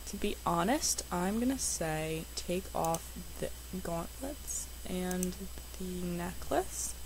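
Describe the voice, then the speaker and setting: A young woman, a gaming YouTuber, chatting excitedly to her viewers as she plays. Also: fairly low pitch, creaky, slight background noise, poor audio. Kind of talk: casual game commentary.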